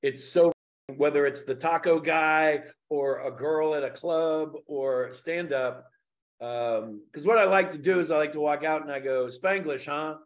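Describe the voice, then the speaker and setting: A man's voice: fairly high pitch, unhurried. A man with a slight Indiana drawl, a stand-up comic telling stories loosely and with a lot of swearing in a casual interview. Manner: loose and profane, storytelling. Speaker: stand-up comedian and show producer.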